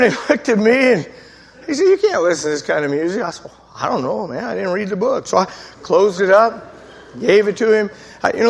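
A man preaching, telling his testimony as a lively story, acting out the voices of the people in it. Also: sits high, in a large hall. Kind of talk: storytelling sermon.

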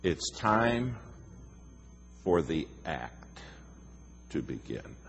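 A man's voice: low-pitched, very animated, drawn-out words, faint music behind. A middle-aged man preaching a sermon, emphatic and storytelling. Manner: emphatic, storytelling with acted quotes. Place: church sanctuary. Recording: reverberant hall with faint noise.

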